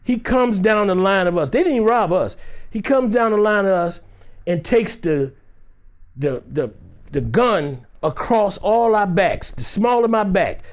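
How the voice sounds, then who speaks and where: Brief: male actor from Detroit, lively anecdotal storyteller with a raised, animated voice. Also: sits high, measured pace. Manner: vivid, dramatic, acts out scenes with shifting voices.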